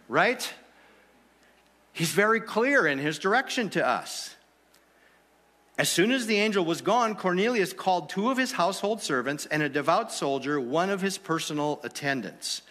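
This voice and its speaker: Bright-voiced male preacher in a reverberant hall. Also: high voice, lively intonation, moderate pace. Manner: conversational preaching with rhetorical questions. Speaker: pastor. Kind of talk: sermon.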